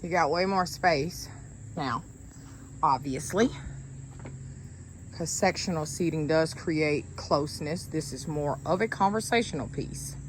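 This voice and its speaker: A woman's voice: sits low, a little slow, pauses often, a little hiss or hum. A woman talking casually to her viewers while setting up patio furniture outdoors, a little out of breath. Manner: chatty, relaxed, addresses viewers directly. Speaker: lifestyle vlogger. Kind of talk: casual sponsored vlog. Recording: background music, voice sometimes far from mic.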